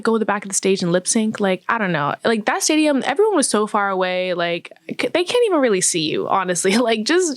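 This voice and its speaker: A woman's voice: mid-range voice, no echo. A woman vlogger giving casual, chatty film commentary, laughing often and using lots of fillers. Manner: chatty, laughing, filler-heavy with acted-out quotes.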